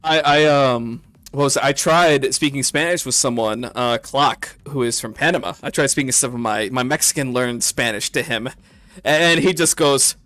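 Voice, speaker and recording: A man's voice: medium pitch, moderate pace, a bit bright, no room sound. A young man hosting a casual podcast, jokey and laughing often. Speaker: podcast host.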